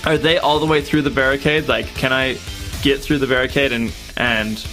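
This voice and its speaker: A man's voice: medium pitch, steady tone, normal speed, fairly bright tone, faint music behind. A man playing a tabletop game, talking casually and eagerly with the group. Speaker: player.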